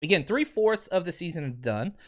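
A man's voice: sits high, moderate pace. A man hosting a live solo sports podcast, chatting casually and reading viewer comments aloud. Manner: energetic, chatty, frequent fillers. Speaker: podcast host.

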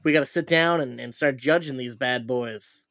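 A man's voice: medium pitch, normal speed, a bit bright, dry recording. Chatty man co-hosting a podcast, dry sound. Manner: loose, rambling, jokey. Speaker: podcast co-host. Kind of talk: casual chat. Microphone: home recording setup in a shed.

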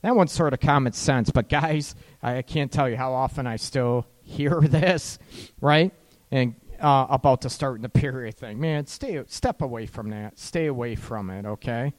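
A man's voice: medium pitch, unhurried. A man giving casual relationship advice to listeners, talking loosely and often asking "right?" as he goes. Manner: chatty, keeps asking "right?", laughs at his own points.

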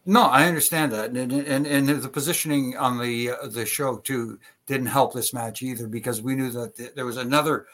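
A man co-hosting a wrestling podcast, giving measured, thoughtful analysis in casual chat. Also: mid-range voice, fairly even intonation, fairly bright tone. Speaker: podcast co-host.

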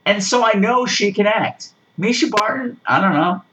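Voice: mid-range voice, expressive, normal speed, bright, forceful tone, slight background noise, low-quality recording. A podcast host giving a sarcastic, exasperated rant while reviewing a horror movie, swearing freely. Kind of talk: casual ranting movie review.

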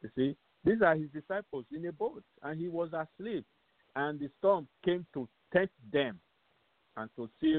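Over a tinny, dry phone call-in line, a man hosting a radio show preaches emphatically, repeating phrases and posing rhetorical questions. His voice is fairly high and sing-song, at a normal speed.

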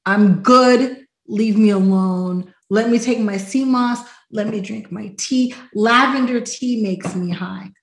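A woman hosting a podcast, chatting casually and telling stories with lively acted-out quotes. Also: mid-range voice, slow, hardly any pauses, echoey room, poor audio. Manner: animated storyteller, acts out quotes. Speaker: podcast host. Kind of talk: casual chat.

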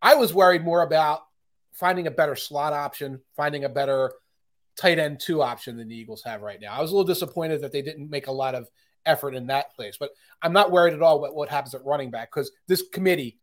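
A man's voice: a little high, fast. A man talking football on a podcast, chatty and opinionated, with frequent fillers and restarts. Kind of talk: casual sports podcast chat.

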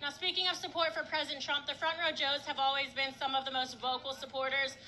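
A woman's voice: high-pitched, level tone, quick pace, sharp tone, low-quality recording. A woman reporting from an outdoor rally, chatting with attendees. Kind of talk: field reporting.

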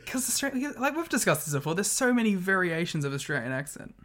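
A man's voice: high-pitched, sing-song, fast, fairly bright tone. A man co-hosting a podcast, chatting casually about wrestling, joking and swearing often. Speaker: podcast co-host. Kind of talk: casual wrestling recap chat.

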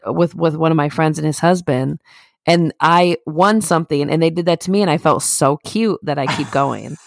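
A woman's voice: low-pitched, normal speed, creaky, no echo, clean studio sound. A young woman co-hosting a podcast, telling rambling stories in casual chat with lots of laughs and restarts. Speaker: podcast co-host.

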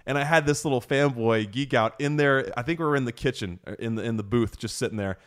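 A man's voice: medium pitch, fast, hardly any pauses. An American man in his thirties hosts a podcast, telling a story in an enthusiastic, rambling way with lots of fillers and restarts. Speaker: podcast host. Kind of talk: casual storytelling chat.

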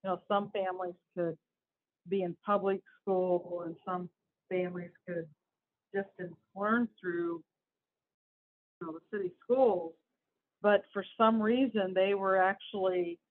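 A woman hosting a casual news commentary on education, talking in a chatty, rambling way with asides and restarts. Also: medium pitch. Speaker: host. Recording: tinny phone-like audio.

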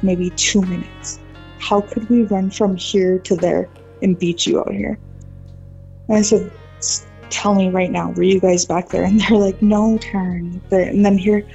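A woman, a podcast guest, telling a ghost story in a casual, animated way, full of "like" fillers and mimicked voices. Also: mid-range voice, vocal fry, lo-fi sound.

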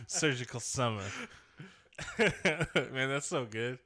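A man's voice: medium pitch, takes it slowly, long pauses, crowd noise. A man in his twenties co-hosting a podcast, chatting casually, laughing and joking. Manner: laughing, joking, does voices for quotes. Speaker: podcast co-host. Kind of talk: casual chat.

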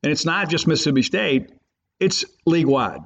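A man's voice: on the high side, expressive, moderate pace, vocal fry. A man hosting a sports podcast, talking in an emphatic, rambling way. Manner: emphatic, rambling, fan loyalist. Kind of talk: opinionated sports talk. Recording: muffled lo-fi podcast audio.

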